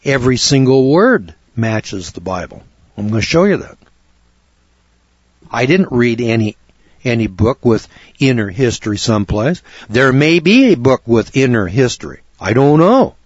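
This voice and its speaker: Husky low-voiced guy spinning a lively story, dull lo-fi sound. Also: normal speed, no echo. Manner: animated storyteller, acts out both sides of dialogue. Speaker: speaker on law and scripture. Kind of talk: folksy storytelling lecture.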